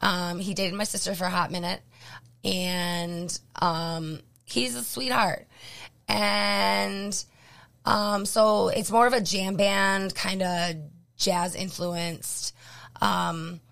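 Hoarse woman radio co-host, gravelly. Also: mid-range voice, little pitch movement, takes it slowly, a bit bright. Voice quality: gravelly, throat-clearing. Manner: blunt, joking, lots of ums. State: losing her voice, hoarse. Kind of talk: casual radio chat.

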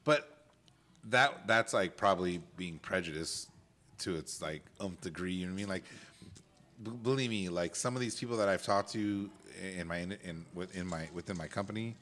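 A man's voice: sits low, moderate pace, a bit bright. A man with a Californian accent, co-hosting a podcast in casual, rambling chat full of fillers and restarts. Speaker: podcast co-host.

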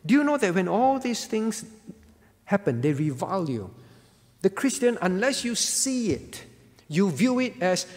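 A man's voice: sits high, big pitch swings, moderate pace, a little mellow, big-room sound. A male pastor preaching a sermon earnestly, often checking in with the congregation by asking "all right?".

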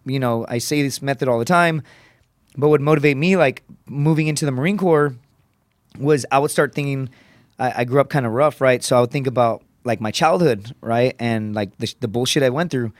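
A man's voice: mid-range voice, a little fast, dry recording, clean studio sound. A man in his thirties, a comedian appearing as a podcast guest, telling personal stories in a casual, profane way and often tagging his sentences with "right?". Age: 30s. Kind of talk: casual storytelling.

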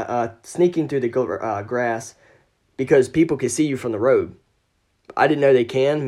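A man's voice: medium pitch, darkish tone. A man telling a ghost story as a podcast guest, casual and profane, acting out the quoted lines.

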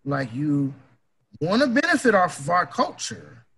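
A man's voice: fairly high pitch, very animated, a little slow, pushed and bright, breathy edge, low-quality recording. A man ranting in a casual opinion talk, emphatic, heated and profane.

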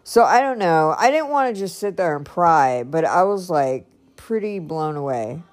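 A woman's voice: lowish voice, lively intonation, normal speed. A woman talking casually in a personal vlog, chatty and rambling, laughing often. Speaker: vlogger.

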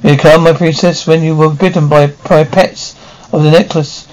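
A man's voice: a little high, steady tone, normal speed, darkish tone, lightly acted, rough recording. A man reading the part of an ancient snake god of the dead, coaxing and commanding.

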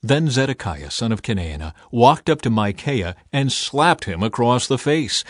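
A man's voice: on the low side, dry recording. Man reading scripture, dry and close. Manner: steady, measured reading. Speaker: scripture reader.

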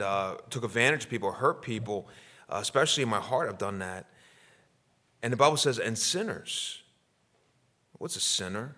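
A man's voice: mid-range voice, fairly bright tone. A male pastor preaching a sermon and praying, earnest, with frequent fillers and restarts.

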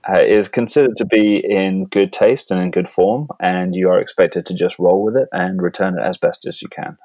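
Bristol guy, deep voice, deadpan jokes, dead dry recording. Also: moderate pace, no echo. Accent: Bristol English. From England. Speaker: podcast guest. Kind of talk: casual chat.

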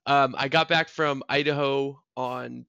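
A young man in his early twenties chats on a podcast in an easygoing, self-mocking way. His voice has a gravelly edge and a bright, forward tone. The sound is dry and close, with no room around it. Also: mid-range voice, unhurried, no room sound, dull audio. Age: young adult. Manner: joking, self-mocking, animated storytelling. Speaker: podcast co-host. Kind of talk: casual chat.

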